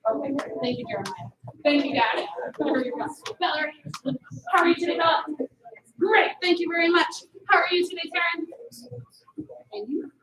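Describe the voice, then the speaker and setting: A woman karate instructor leading a children's class in an indoor studio, upbeat, calling students by name and shouting commands. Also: high voice, reverberant, noisy background.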